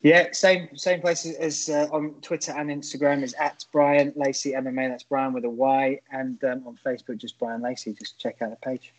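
Rambling comedian telling stories. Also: male voice, mid-range voice, little pitch movement, moderate pace, hardly any pauses, rough recording. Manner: rambling storyteller, frequent restarts. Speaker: stand-up comedian guest. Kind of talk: casual podcast chat.

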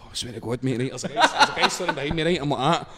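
A man's voice: mid-range voice, expressive, quick pace, a bit bright. A man with a Glaswegian accent telling a casual story. He swears freely, laughs as he goes and acts out the scenes. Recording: long reverb in a hall-like room.

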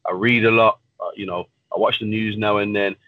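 A man's voice: fairly low pitch, fairly even intonation, brisk, no room sound, narrow, tinny audio. A man, a professional fighter, talking casually and bluntly in an interview and swearing freely. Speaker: pro fighter guest.

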